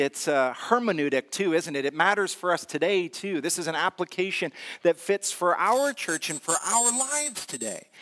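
Man, pastor, sermon, slightly raised pitch, chatty storytelling, filler words. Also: a bit bright. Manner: storytelling with humor and self-deprecation; conversational, frequent "uh" fillers.

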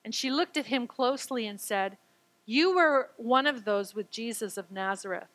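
Here the sermon moves at a moderate pace, though the audio is poor. She reads scripture, then puts it in her own words, her fairly high voice bright and forward, acting out quoted lines and occasionally stammering in her excitement.

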